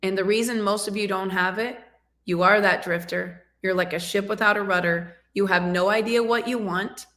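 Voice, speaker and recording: A woman coaching an audience live over a video call, her voice bright and forceful. She speaks emphatically, pushing listeners to take action. The sound comes from a video call microphone. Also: medium pitch, steady tone, normal speed. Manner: emphatic, rousing, urges the audience to act. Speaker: motivational coach and show host.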